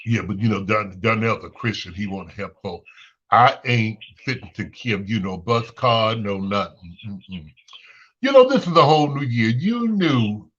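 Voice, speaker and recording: A man from Chicago, hosting a talk show and delivering a blunt, sassy, unscripted rant, his pitch jumping high when he is exasperated. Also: expressive, normal speed, fairly bright tone, breathy edge, lo-fi sound.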